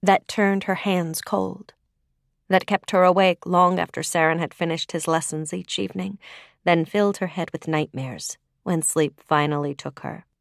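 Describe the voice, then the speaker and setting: A woman reading a fantasy novel aloud in measured storytelling narration, dropping to a hush on dark lines. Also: on the low side, gravelly, no echo, studio quality. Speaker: audiobook narrator. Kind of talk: scripted narration.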